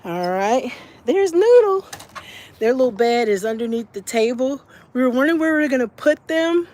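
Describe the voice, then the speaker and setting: A woman, likely a grandmother, films herself walking through her small camper for a homey tour, chatting away and often saying "little." Her voice is on the high side and darkish, with a steady tone and quick pace.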